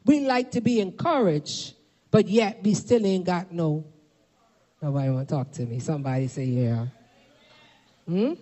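A woman preaching a fervent sermon to a congregation, shouting at peaks and calling for responses, filmed for a camera. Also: on the low side, moderate pace, pauses often. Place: church or meeting hall. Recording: long hall reverb.

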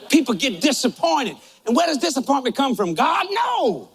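A man's voice: extremely high pitch, wildly swooping pitch, measured pace, breathy edge. An older man preaching a humorous sermon in a folksy, joking, storytelling way.

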